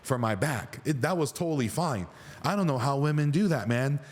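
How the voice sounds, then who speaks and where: A man's voice: mid-range voice, animated, brisk. A man hosting a podcast who talks in an earnest, enthusiastic way during casual conversation.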